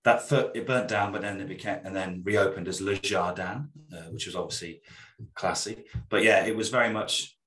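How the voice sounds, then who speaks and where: A man's voice: low-pitched, moderate pace, fairly bright tone. A man in his thirties from South West England, chatting in a rambling, self-deprecating way on a podcast. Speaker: podcast co-host. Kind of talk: casual chat. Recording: roomy echo.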